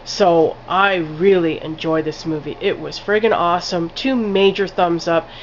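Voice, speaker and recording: A woman's voice: lowish voice, unhurried, a little hiss or hum. Woman rambling film reviewer, lo-fi audio. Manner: rambling, many "like" fillers, casual swearing. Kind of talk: casual spoken film review.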